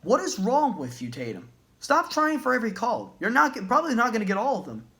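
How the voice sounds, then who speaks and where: A man's voice: very high-pitched, wildly swooping pitch, fast talker, sharp tone. A man ranting as a basketball fan in a vlog, agitated, profane and repeating himself. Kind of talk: sports rant vlog.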